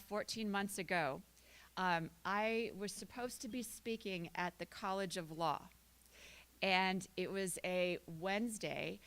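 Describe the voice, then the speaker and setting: Woman, fifties, conversational, self-deprecating, storytelling speech, middle pitch. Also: a bit bright, clean tone. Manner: conversational, anecdotal, self-deprecating, laughs often. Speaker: athletic director giving a guest speech. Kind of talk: storytelling club luncheon speech.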